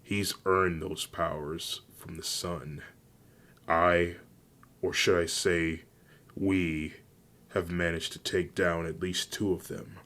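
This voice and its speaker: A man's voice: low-pitched, little pitch movement, takes it slowly, a bit bright, heavily acted. A man reading a determined young she-wolf. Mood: earnest. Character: young female shadow wolf, determined and protective.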